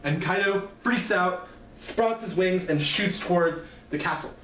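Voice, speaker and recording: Man, high pitch, loose filler-heavy plot recap, distant mic with faint noise behind. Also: measured pace, fairly bright tone, reverberant. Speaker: author recapping his novel. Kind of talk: casual plot recap lecture.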